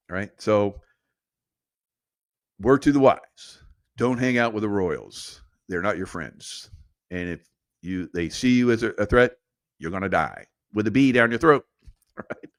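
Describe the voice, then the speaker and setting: A man's voice: on the low side, no echo, clean studio sound. A middle-aged man hosting a show, telling rambling stories in a casual, conspiratorial monologue and laughing between points. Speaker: show host.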